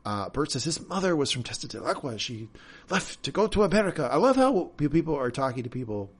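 A man's voice: fairly high pitch, quick pace, breathy edge. A man co-hosting a podcast, chatting casually through a TV episode recap and often repeating words as he starts a thought. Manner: animated, repeats words when starting sentences. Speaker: podcast co-host.

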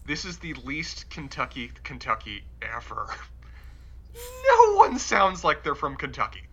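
A man's voice: on the high side, huge pitch swings, measured pace, fairly bright tone, muffled recording. A man from the American South with a mild Southern accent, co-hosting a casual podcast and thinking aloud with frequent restarts. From Charlotte, North Carolina. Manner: thoughtful, stammering restarts. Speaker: podcast co-host. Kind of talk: casual recap chat.

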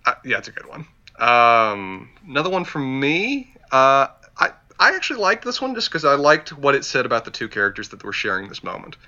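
A man's voice: medium pitch, big pitch swings, fairly quick, bright, forceful tone. A man co-hosting a casual podcast, chatting and reading lines from a show aloud. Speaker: podcast co-host. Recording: dull lo-fi mic.

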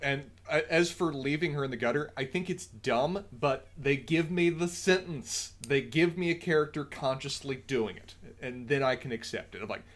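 Male co-host, mid-pitch, easygoing, agreeable, musing review chat. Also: moderate pace, few pauses. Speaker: podcast co-host.

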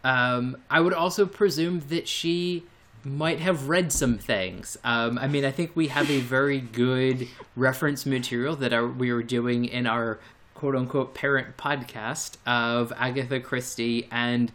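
A man's voice: medium pitch, fairly even intonation, unhurried, fairly bright tone. A man co-hosting a podcast in casual chat, rambling and hesitant, with frequent fillers and restarts. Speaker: podcast co-host.

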